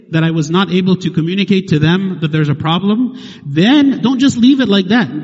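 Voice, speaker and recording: A man with a fairly high, husky voice preaches to his congregation, pressing each point home with rhetorical questions and a steady "right?". His voice rings through a long-reverb hall on a dull, lo-fi recording. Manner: emphatic, asks rhetorical questions and tags "right?". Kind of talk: sermon.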